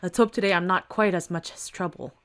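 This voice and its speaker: A man's voice: sits high, fairly even intonation, brisk, bright, forceful tone. A woman voicing a wary young vampire man. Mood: weary. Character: reluctant young male vampire, reserved and wary.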